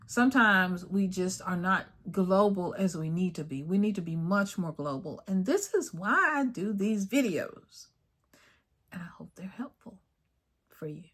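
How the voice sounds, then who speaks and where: A woman's voice: mid-range voice, fairly bright tone. A middle-aged woman hosts her own video and talks straight to her audience in a casual, emphatic way. She drives her points home by repeating them and calls her viewers y'all. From United States. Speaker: video host. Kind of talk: casual talk to camera.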